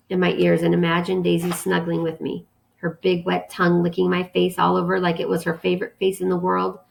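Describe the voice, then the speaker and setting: A woman teacher reading a novel aloud to her students in a calm, steady storytelling manner. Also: on the low side, creaky.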